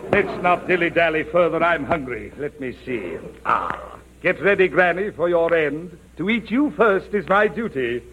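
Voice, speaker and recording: An actor playing a sly, hungry male wolf who talks like a smooth, wisecracking suitor, in 1940s radio comedy. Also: fairly high pitch, expressive, normal speed, hardly any pauses, fairly bright tone, slight background noise, low-quality recording. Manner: wisecracking, mock-gallant.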